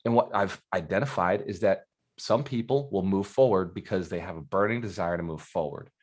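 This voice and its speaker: A man's voice: sits low, fairly quick. A man who mentors in real estate gives a live coaching talk, speaking directly and energetically and asking his audience questions.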